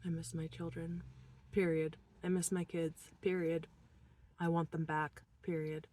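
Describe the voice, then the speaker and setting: Haltingly, a woman vlogger in distress speaks through something personal, her low voice keeping a level tone as she swings from soft murmuring to unsteady laughs. There's no room sound on the recording.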